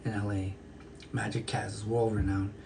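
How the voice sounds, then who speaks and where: A man's voice: lowish voice, little pitch movement, moderate pace, gravelly, dark tone. A man, a flute player and actor, casually telling a story to the camera in a rambling way, with many fillers and restarts. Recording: distant mic with noisy ambience.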